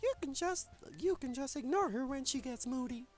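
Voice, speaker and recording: A man's voice: animated, normal speed, a little mellow, soft background music. Man putting on a bubbly, airheaded schoolgirl voice. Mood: cheerful. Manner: strained high falsetto.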